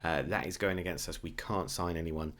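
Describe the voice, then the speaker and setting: A man commentating on his own football management game, swinging between quiet muttering and excited shouting. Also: sits low, a little fast. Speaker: gaming YouTuber.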